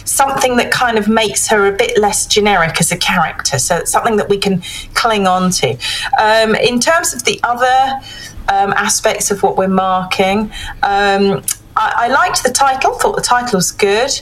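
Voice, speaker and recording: A woman giving measured feedback on a piece of writing in a casual panel discussion. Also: mid-range voice, fairly bright tone, rough recording. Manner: thoughtful, measured critique with many fillers.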